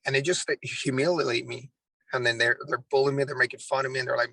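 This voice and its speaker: A man's voice: medium pitch, steady tone, fast, creaky, bright, forceful tone, dry recording, poor audio. A man, a Marine drill instructor, earnestly telling a personal story in an interview, with many restarts.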